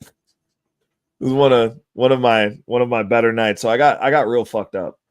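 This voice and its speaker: A man's voice: medium pitch, normal speed, clear, resonant tone, no room sound, studio quality. Profane, laughing man telling stories. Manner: profane, laughing, animated storyteller. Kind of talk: casual storytelling chat.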